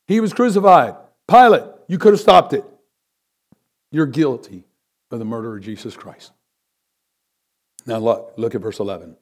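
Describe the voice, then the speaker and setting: A man preaching a Bible lesson in a middle-pitched voice. He reads the verses aloud and stresses the key words. He swings from loud, pressing peaks to low, quiet asides. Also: very animated, moderate pace, long pauses. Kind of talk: sermon, Bible teaching.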